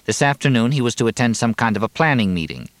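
A man's voice: mid-range voice, lively intonation, fast talker, no room sound, lightly acted. A man voicing a blunt, defensive middle-aged mother with a raised voice. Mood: matter-of-fact. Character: sharp-tongued middle-aged mother, weary woman.

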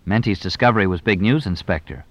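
Guy voicing a slick quick young dude, breezy dodging answers, slightly dull audio. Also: deep voice, fairly bright tone, no echo. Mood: glib. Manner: brisk, glib, deflecting.

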